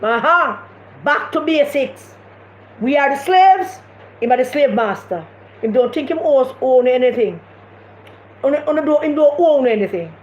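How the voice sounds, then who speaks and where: A Jamaican woman hosts a live stream as a political commentator, her high-pitched, expressive voice moving at a moderate pace. She speaks in an impassioned, emphatic way, repeating herself often in casual commentary. The recording sounds dull and lo-fi, with an echoey room and faint noise.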